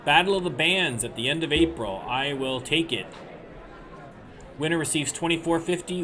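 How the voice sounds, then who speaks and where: A man's voice: fairly high pitch, moderate pace, background noise. A man hosting a let's play, casually commenting on a music game in a chatty, wry, self-deprecating way.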